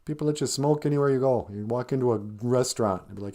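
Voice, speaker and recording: A man's voice: medium pitch, fast talker, few pauses, warm tone. A man hosting a live podcast, telling a rambling, self-deprecating story in a casual, conversational way before playing a song. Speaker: podcast host and musician.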